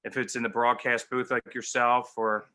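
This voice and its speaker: Flat-voiced reflective baseball manager man. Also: medium pitch. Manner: halting, reflective, many fillers. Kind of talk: casual interview.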